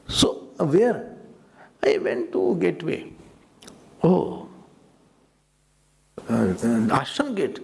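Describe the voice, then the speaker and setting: Male swami lecturer, gravelly, slow, talks straight to his class. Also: fairly high pitch, sing-song, darkish tone. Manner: repeats words, mixes in Hindi asides; explanatory, addresses listeners directly. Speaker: swami teaching scripture.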